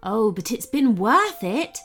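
An upbeat grown woman who runs a rescue shelter, talking warmly and eagerly in a storybook reading. Her voice sits fairly high and bounces lively up and down, put on by a woman narrator. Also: takes it slowly, soft background music, exaggerated voice. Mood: excited. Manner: warm, chatty and enthusiastic. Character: cheerful adult woman running an animal shelter.

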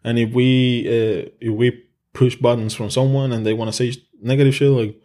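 A man's voice: medium pitch, little pitch movement, moderate pace, warm tone. A male podcast co-host with a mid-range voice, talking in a casual chat. He speaks earnestly and rambles, restarting his sentences and swearing often.

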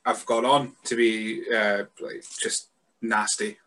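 A man's voice: fairly low pitch, level tone, slow, fairly bright tone. A man hosting a podcast who asks loose, rambling questions in a casual interview. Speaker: podcast host.

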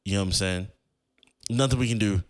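A man's voice: lowish voice, brisk. A young man in his twenties hosting a podcast, telling a personal story in a casual, emotional way, with many filler "likes". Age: 20s. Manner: casual, emotional, heavy use of "like". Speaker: podcast host.

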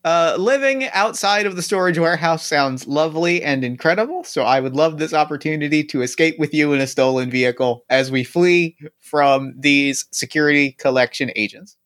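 A man voicing an obliging male service android, talking in a flat, formal robotic monotone. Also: a little high, normal speed, few pauses, no echo, studio quality, lightly acted.

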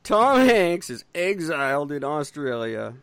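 A man's voice: unhurried, creaky, clear, resonant tone, no echo. A man co-hosting a podcast in casual chat, blunt and ranting, swearing freely. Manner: blunt, swears freely, rants with animated pitch. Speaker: podcast co-host.

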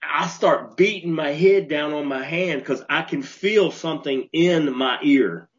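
A man co-hosting a podcast, telling a story in an animated way and restarting his sentences as he gets worked up. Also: a little high, measured pace. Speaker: podcast co-host. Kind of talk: casual storytelling chat. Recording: dull lo-fi podcast audio.

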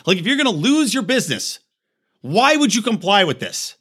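A man's voice: high-pitched, sing-song, normal speed, fairly bright tone, slightly rough. A man hosting a podcast, delivering a heated, profane rant with emphatic, wide swings in his voice. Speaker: podcast host. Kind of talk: ranting monologue.

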